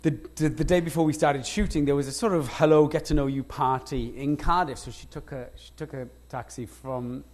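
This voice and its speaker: A Welsh actor in an on-stage conversation, telling lively anecdotes with frequent laughs and restarts. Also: male voice, a little high, brisk, hardly any pauses. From Wales. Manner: animated anecdotes, laughs often, self-interrupting restarts. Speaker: guest actor. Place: lecture stage before an audience.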